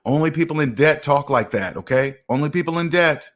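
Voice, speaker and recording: A man's voice: on the high side, brisk, hardly any pauses, fairly bright tone. A man hosting a finance livestream. He lectures emphatically, repeats lines for effect and answers chat comments in a preachy manner. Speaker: finance channel host.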